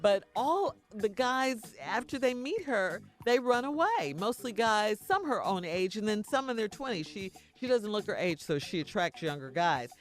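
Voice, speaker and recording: Radio co-host, female, lively and expressive, reading a listener letter on air, soft music bed. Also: mid-range voice, moderate pace, few pauses. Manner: animated, laughing often.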